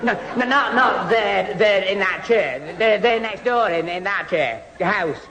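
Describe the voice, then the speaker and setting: A man's voice: high-pitched, a little slow, pushed and bright, some chatter behind, full character voice. A man playing a bumbling young man who stammers and rambles in tangles in a 1970s radio comedy. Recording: old radio recording, echoey hall, faint audience.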